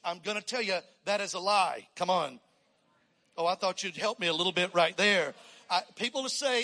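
High-voiced preacher in a reverberant hall. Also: male voice, normal speed. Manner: energetic, calls for congregational response. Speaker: pastor. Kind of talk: sermon. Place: church sanctuary. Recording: long reverb in a church hall.

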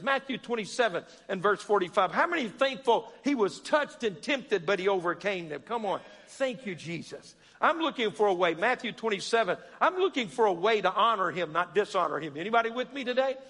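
A man preaching a sermon, calling out to the congregation and rising to shouts. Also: high voice, lively intonation, brisk, hardly any pauses, in a large hall.

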